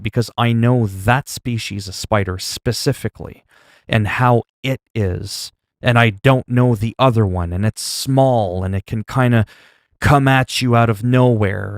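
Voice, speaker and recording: A man's voice: mid-range voice, no room sound, studio quality. A man chatting casually on a livestream at home into a desk mic, rambling and self-mocking with lots of fillers.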